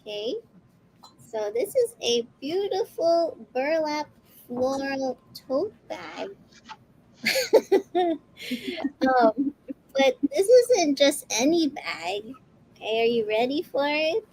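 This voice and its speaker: A woman's voice: high voice, very animated, slow, gravelly, long pauses, darkish tone, slight background noise, rough recording. A woman chatting casually on a live-stream sale, often breaking into giggles as she shows her items on webcam.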